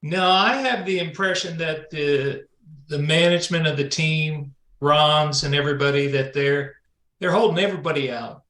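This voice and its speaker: A man calls in as a guest on a football podcast. His voice is bright and a little high, and a roomy echo surrounds it. He thinks aloud with hesitant restarts. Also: moderate pace. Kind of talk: casual remote call-in chat.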